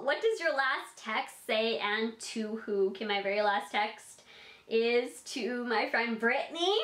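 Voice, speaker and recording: Bubbly young woman vlogger, high voice, rambly, lots of "like", echoey room. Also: a bit bright. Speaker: YouTuber answering fan questions. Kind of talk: casual Q&A vlog.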